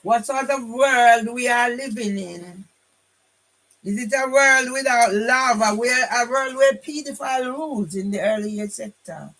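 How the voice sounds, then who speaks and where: A woman's voice: on the high side, unhurried, fairly bright tone, low-quality recording. Older woman, combative rambling vlog. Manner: combative, repeats tag question "yeah?"; rambling, restarts lines. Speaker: vlogger. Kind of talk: casual monologue to camera.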